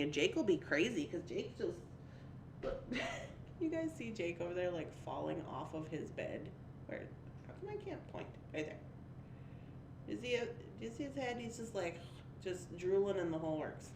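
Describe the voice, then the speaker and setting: Chatty young woman host, animated voice, faint hiss behind her. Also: medium pitch, normal speed, echoey room. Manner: chatty, laughs often, reads viewer comments aloud. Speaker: livestream host. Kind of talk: casual chat.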